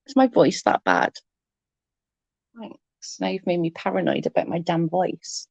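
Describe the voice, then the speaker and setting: Low, gravelly woman chatting on a livestream. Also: animated, unhurried, darkish tone, dry recording, lo-fi sound. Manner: chatty, swears freely, giggly asides. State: congested with hay fever. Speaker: livestream host reading chat. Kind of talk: casual livestream chat. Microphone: close computer mic.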